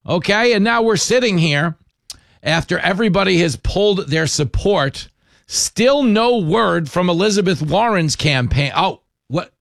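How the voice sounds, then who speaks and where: Animated, sarcastic talk-radio host, man. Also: high-pitched, measured pace, creaky, no room sound, studio quality.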